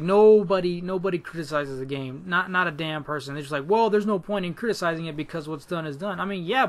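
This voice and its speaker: A man's voice: sits high, fairly bright tone. A young man in a casual, profane rant to his viewers about a fighting game, frustrated and full of restarts. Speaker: gaming YouTuber. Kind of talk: casual ranting commentary.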